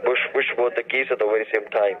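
A man's voice: mid-range voice, steady tone, fast. A man with an Indian accent, a phone support agent patiently repeating instructions. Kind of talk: phone call. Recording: tinny phone line with call-center chatter.

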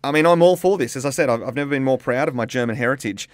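Cheeky radio host. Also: male voice, medium pitch, no room sound, studio quality. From Australia. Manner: cheeky, laughing, quick back-and-forth. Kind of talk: breakfast radio banter. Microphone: studio mic.

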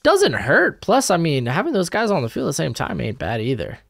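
A man's voice: a little high, a little fast, creaky, dry recording, clean studio sound. A young man hosting a mock draft video, chatting casually as he thinks aloud, rambling and correcting himself. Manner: rambling, self-correcting, animated. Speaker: YouTube mock draft host. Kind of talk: casual live commentary.

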